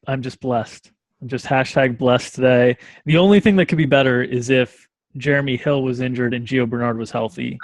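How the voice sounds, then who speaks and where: A man speaking as a podcast analyst, with dry humor, running through sports numbers in casual talk. His voice is middle-pitched and sounds dry and close. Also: no room sound. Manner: dry, wry humor, stat-heavy. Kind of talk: casual chat.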